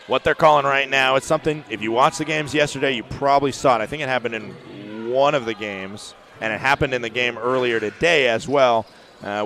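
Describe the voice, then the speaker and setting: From an arena broadcast booth, a medium-pitched man calls play-by-play for a basketball game, rising to shouts on big plays. Faint court noise sits behind him.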